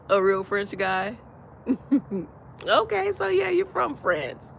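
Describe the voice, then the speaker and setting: A woman's voice: medium pitch, big pitch swings, slow pace, vocal fry, slight background noise. A woman from Alabama with a Southern accent, hosting a casual livestream chat, easygoing and laughing often as she repeats her phrases. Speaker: livestream host.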